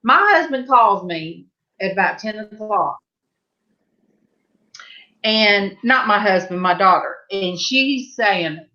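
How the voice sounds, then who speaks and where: A middle-aged woman tells a family story in a lively, bouncing voice that swoops high and low. Her tone is bright and she takes her time, drawing the words out slowly. The stream audio is dull and lo-fi. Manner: animated, laughing while telling a funny family story. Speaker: host. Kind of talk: casual storytelling on a livestream panel.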